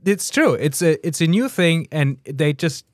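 A man co-hosting a podcast, making his case earnestly with halting restarts. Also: fairly high pitch, no echo, clean studio sound. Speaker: podcast co-host. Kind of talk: casual debate chat.

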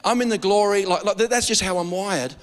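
A man with an Australian accent preaching a sermon as pastor, animated and joking, with frequent restarts. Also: high-pitched, a little fast, in a large hall.

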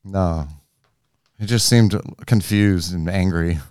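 A man's voice: low voice, slow pace, darkish tone, clear, resonant tone, no echo, studio quality. A man co-hosting a casual basketball podcast, loose and joking, with easy swearing. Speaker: podcast co-host.

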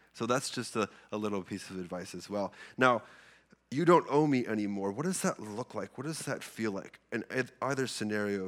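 A man's voice: on the low side, fairly bright tone. A man preaching a sermon in a conversational, earnest way, often repeating and restarting his words. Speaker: pastor.

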